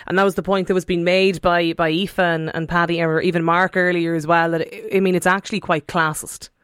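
A woman hosting a radio talk show, brisk and engaged, reading texts and chiming in with quick affirmations. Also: on the low side, little pitch movement, clean tone, no echo, clean studio sound. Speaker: radio host.

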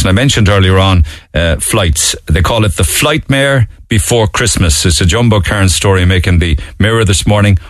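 A man's voice: sits low, dry recording. A man with a Cork accent hosting a radio show in casual, chatty, mocking talk. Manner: chatty, mocking, laughs easily.

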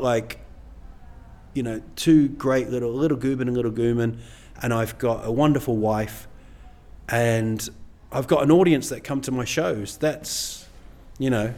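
Middle-aged male comedian, casual guest chat, meandering, full of "you know", mid-pitched voice. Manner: rambling, self-deprecating, many "you know"s.

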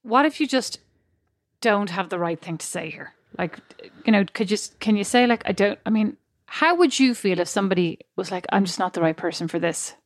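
A woman's voice: mid-range voice, lively intonation, brisk, no room sound, studio quality. A woman in her thirties co-hosting a podcast, telling stories in a chatty way and laughing at herself. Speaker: podcast co-host. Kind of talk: casual chat.

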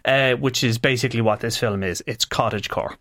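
A man's voice: mid-range voice, fairly quick, fairly bright tone. A man reviewing a film on a radio show, rambling with lots of fillers. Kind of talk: casual radio chat.

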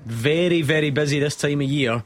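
A man's voice: a little high, moderate pace. A Scottish man presenting a radio show and teasing his co-host with playful banter.

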